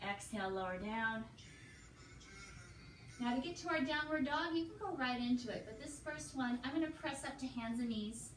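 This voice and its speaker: A yoga instructor talks students calmly through breaths and poses in a slightly high voice. She sits back from the mic in an echoey hotel room, with music playing clearly behind her. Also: moderate pace, far from the mic. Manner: calm, counts breaths and cues poses. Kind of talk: guided yoga class instruction.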